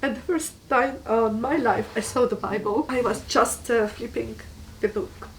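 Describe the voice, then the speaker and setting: A woman from Tunisia, giving a personal testimony in an earnest, halting way and repeating words for emphasis. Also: a little high, far from the mic, slight background noise, rough recording. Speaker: guest giving a faith testimony.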